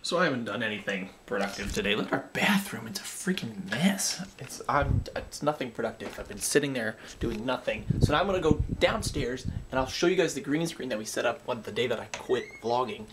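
A man's voice: medium pitch, expressive, fast, few pauses, noisy background. A young man chatting casually in a rambling, self-mocking way as he vlogs his day at home on a handheld camera. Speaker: vlogger. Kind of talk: casual daily vlog. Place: indoors at home.

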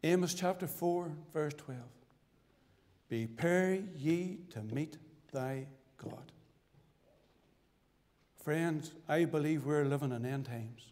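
A man from Northern Ireland giving his testimony as a sermon, with fervent preaching that swings sharply between loud and hushed. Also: on the high side, slow pace. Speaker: testimony speaker at a church. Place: church hall. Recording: church recording with long reverb.

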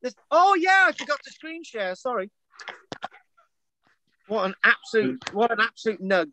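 A man's voice: very high-pitched, very animated, moderate pace, bright, forceful tone, no room sound, rough recording. A man from Wales teaching an online archaeology class over a video call, rambling and interrupting himself with jokes. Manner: rambling, self-interrupting, jokey. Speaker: archaeology tutor. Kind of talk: online lecture. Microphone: video call mic.

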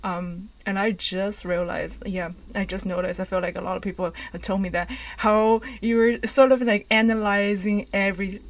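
A woman hosting a music reaction video, talking in an excited, gushing way with lots of fillers and restarts. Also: medium pitch, moderate pace, few pauses. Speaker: reaction channel host. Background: faint music from the reacted video.

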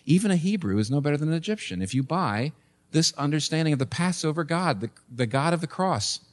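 A man in his sixties preaching a sermon as pastor, emphatic, with sudden rises and soft drops. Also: a little high, expressive, fairly quick.

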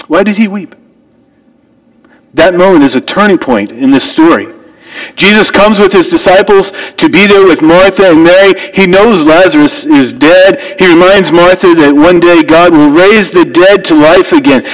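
A man's voice: high-pitched, lively intonation, moderate pace, rough recording. An American man preaching a sermon as pastor, reading scripture and then asking earnest rhetorical questions with rising emphasis. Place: church sanctuary.

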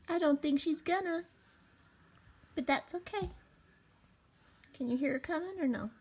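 A woman's voice: high voice, a little slow, pauses often, a little mellow, slight background noise. A woman vlogger gushing in a sing-song baby-talk voice at her pets, welcoming them in. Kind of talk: casual vlog chat.

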